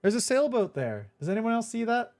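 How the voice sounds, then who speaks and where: A man's voice: very high-pitched, very animated, brisk, darkish tone, no echo. A young man chatting casually while playing a video game, laughing easily and swearing now and then. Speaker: streamer. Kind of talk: casual let's-play commentary.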